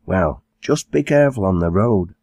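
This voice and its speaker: A kindly, fussing middle-aged farmer's wife, played by a male narrator. Her voice sits somewhat above his deep natural register, with a husky grain. She speaks with a lively, sing-song lift. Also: normal speed, dry recording, clean studio sound, exaggerated voice. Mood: motherly.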